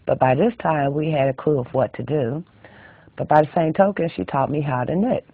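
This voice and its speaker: A man's voice: a little high, fairly quick, dry recording. A middle-aged man hosting a casual knitting tutorial, chatty and rambling, often repeating phrases, in a tinny, dry recording. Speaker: knitting channel host.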